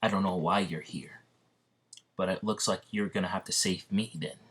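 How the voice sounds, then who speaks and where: A sorrowful, mysterious witch who pleads softly to be saved, read out by a man. The voice stays deep and low and barely changes from the storyteller's own. It sounds like a casual spoken fan story. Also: steady tone, normal speed, slightly rough. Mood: pleading.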